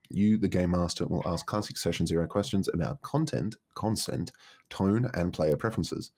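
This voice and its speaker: Deep, husky man co-hosting a stream. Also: darkish tone. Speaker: livestream co-host. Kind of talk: casual livestream chat.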